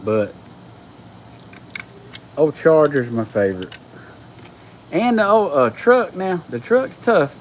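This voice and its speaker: A man, chatting casually with viewers on a live stream, folksy and excitable. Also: a little high, takes it slowly, pauses often, a little hiss or hum, low-quality recording. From Georgia, US. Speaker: livestream host.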